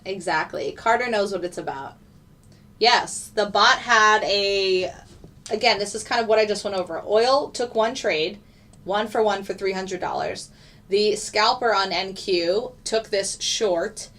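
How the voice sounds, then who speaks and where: A woman's voice: mid-range voice, unhurried, fairly bright tone. Chatty woman streaming live trades. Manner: chatty, reads out chat and trades. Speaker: trading streamer. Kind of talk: casual live-stream commentary.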